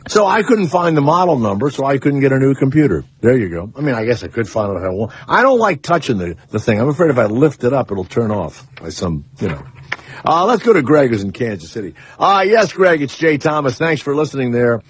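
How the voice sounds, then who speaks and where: A man's voice: very animated, a little fast, husky. A man hosting a radio talk show, rambling through comic stories in a sarcastic way and taking calls in a studio. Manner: rambling, sarcastic, swings up high for emphasis. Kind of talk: comic radio monologue and call-in chat. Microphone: studio microphone.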